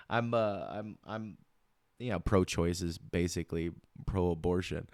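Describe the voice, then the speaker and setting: A man hosting a political commentary show talks slowly in a smooth, clear, fairly low voice. He rambles, restarts his phrases and repeats words for emphasis. The sound is dry and close. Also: fairly even intonation, no echo.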